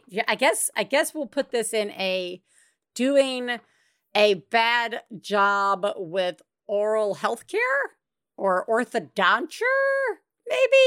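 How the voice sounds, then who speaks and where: A woman's voice: mid-range voice, bright, forceful tone, clean tone, dry recording, clean studio sound. A woman hosting a parenting podcast, talking candidly and bluntly, with easy laughter and swearing. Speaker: podcast host.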